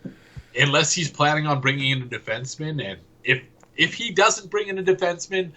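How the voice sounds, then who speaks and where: A man co-hosting a casual sports podcast, joking and animated as he makes his points. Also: a little high, a little fast. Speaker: podcast co-host.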